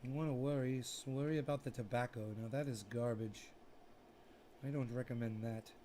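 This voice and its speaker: A man's voice: medium pitch, steady tone, normal speed, dark tone, a little hiss or hum. Man with a put-on proper English manner. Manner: affected, proper English-sounding persona delivery; theatrical, self-mocking, talks to himself while working. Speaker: livestream host. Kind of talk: casual livestream chat to viewers.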